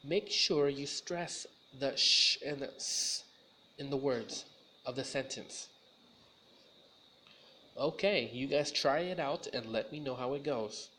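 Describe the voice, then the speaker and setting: Slow, deliberate male English teacher. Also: medium pitch, bright, forceful tone, slight background noise. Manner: slow, deliberate drilling of words. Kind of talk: pronunciation lesson.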